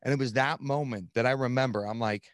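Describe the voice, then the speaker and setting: A man in his thirties, a podcast guest, telling his own story in an earnest, animated way with plenty of "like" fillers. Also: mid-range voice, brisk, dry recording, clean studio sound. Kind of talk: candid storytelling.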